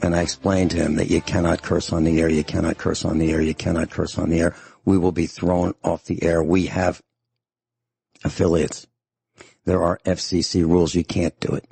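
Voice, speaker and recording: Deep gravelly stern radio host man. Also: little pitch movement, moderate pace, darkish tone, no echo. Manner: stern, emphatic, repeats his points. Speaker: radio talk show host. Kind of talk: radio talk show monologue.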